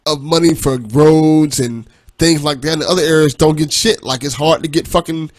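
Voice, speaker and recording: A man's voice: on the high side, no echo. Laid-back man agreeing on a podcast. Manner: agreeing, measured, occasionally profane. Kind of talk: casual podcast chat.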